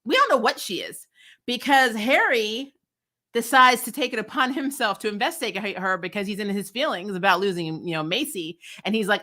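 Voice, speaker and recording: A woman's voice: on the high side, lively intonation, fairly quick, pushed and bright. A woman casually reviewing a TV episode, frank and chatty, laughing often and swearing freely. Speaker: TV review vlogger. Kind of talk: casual spoiler review chat.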